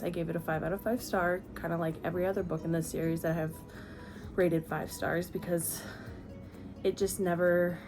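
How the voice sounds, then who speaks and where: A woman talking emotionally about a book in a casual vlog, rambling and restarting her sentences. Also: lowish voice. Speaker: book reviewer.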